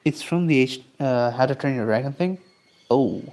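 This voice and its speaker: A man's voice: mid-range voice, moderate pace, darkish tone. A man streaming live, chatting casually and rambling as he answers his chat while he draws. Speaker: streamer and artist.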